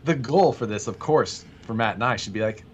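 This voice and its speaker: A man's voice: fairly low pitch, lively intonation, fairly quick, slight background noise. A man co-hosting a casual live stream, talking in an easygoing, rambling way with many fillers. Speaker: co-host of a hobby live stream.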